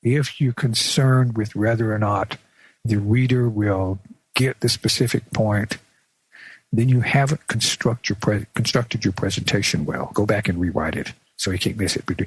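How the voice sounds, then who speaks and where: Man, radio lesson, plain-spoken, measured, husky tone, dry close sound. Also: on the low side, no echo. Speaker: radio show presenter teaching. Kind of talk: instructional radio talk.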